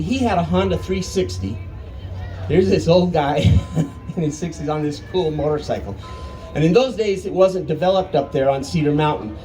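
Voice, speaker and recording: A man's voice: sits high, low-quality recording. Folksy man in his fifties telling stories. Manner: folksy, animated, dramatic pauses. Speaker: storyteller. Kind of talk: live storytelling. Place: arts festival stage.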